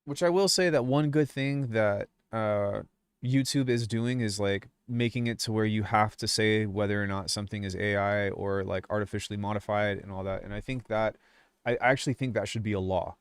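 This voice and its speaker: A man's voice: lowish voice, steady tone, normal speed, clean tone, dry recording. A young man ranting casually on his music channel, swearing often and rambling through restarts as he gets worked up. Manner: swears a lot, rambling, fired up. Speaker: music producer YouTuber. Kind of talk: casual livestream rant.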